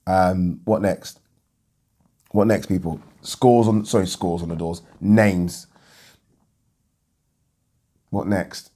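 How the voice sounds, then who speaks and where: Young guy, mellow tone, just chatting about a fight, kinda rambly. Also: deep voice. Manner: rambling, restarts a lot, thinks aloud. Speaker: boxing pundit vlogger. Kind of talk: casual reaction chat.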